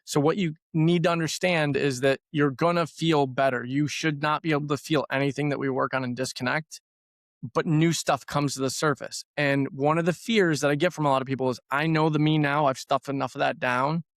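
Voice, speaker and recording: A man with a gravelly, creaky voice explains his therapy work in a casual podcast chat. He talks conversationally and often repeats words for emphasis. The sound is close and dry, with no room echo. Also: on the high side, steady tone, brisk. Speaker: trauma therapy practitioner.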